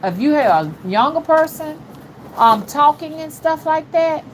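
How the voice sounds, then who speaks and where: A woman's voice: high voice, animated, a little slow, a little hiss or hum. A middle-aged woman with an older-generation Alabama Southern accent, chatting casually with her livestream viewers in a folksy, repetitive way. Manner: chatty, folksy, repeats "you know what I'm saying". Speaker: spiritual rootworker host. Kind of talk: casual livestream chat reading viewer comments.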